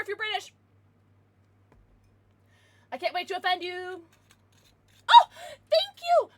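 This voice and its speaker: Giggly high-voiced young woman streamer. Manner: giggly, chatty, talking to chat. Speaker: livestreamer. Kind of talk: casual livestream chat.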